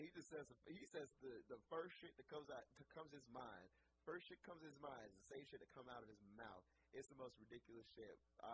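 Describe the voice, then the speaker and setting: A young man casually retelling a podcast episode, rambling, profane and laughing often. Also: mid-range voice. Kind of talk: casual storytelling. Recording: noisy background ambience.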